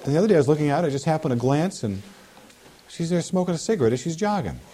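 A man preaching a sermon in an animated way, with humorous asides. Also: a little high, very fast, slight background noise.

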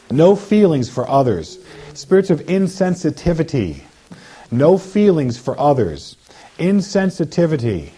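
A man with a husky, mellow voice leads a deliverance prayer in a lively, swinging delivery. He chants list after list of spirits and orders them out, with many repetitions. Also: fairly high pitch, a little slow. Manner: commanding, repetitive, slips into mocking voices of sinners. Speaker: deliverance minister.

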